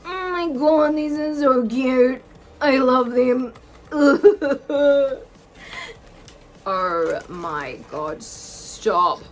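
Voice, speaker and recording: A young woman in her twenties unboxing earrings on a casual vlog, gushing and gasping with excitement. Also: high voice, extremely slow, faint music behind, rough recording. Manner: gushing, excitable, gasps and squeals often. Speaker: vlogger unboxing jewellery. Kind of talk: casual chat to camera.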